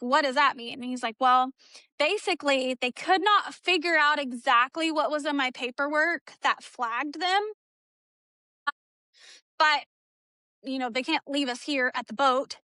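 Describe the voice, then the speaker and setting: A woman with a high, bright voice recounts a personal ordeal as a podcast guest. She talks in a chatty way, full of "like", and slips into the voices of the people in her story. The sound is dry and close. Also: no room sound. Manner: animated, acts out quoted dialogue; chatty, with frequent "like" fillers. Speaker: interview guest.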